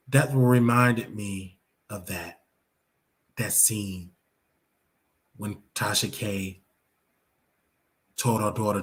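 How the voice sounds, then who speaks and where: A man's voice: fairly low pitch, fairly even intonation, takes it slowly, long pauses, bright, forceful tone. A man hosting a live reaction commentary show, talking in an emphatic, preachy way and repeating his points.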